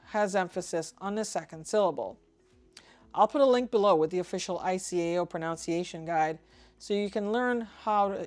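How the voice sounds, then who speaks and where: Opinionated woman explaining radio etiquette. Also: medium pitch. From Trinidad and Tobago. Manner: opinionated, spells out call signs slowly and deliberately. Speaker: ham radio vlogger. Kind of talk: casual explanatory talk to camera.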